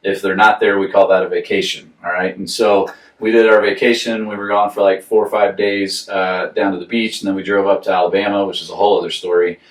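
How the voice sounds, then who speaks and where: A man's voice: sits low, little pitch movement, fast. Laughing Southern man telling a story. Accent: Southern American. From Southern United States. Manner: rambling storyteller, laughs often. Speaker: podcast co-host. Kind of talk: casual chat. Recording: roomy echo, far from the mic.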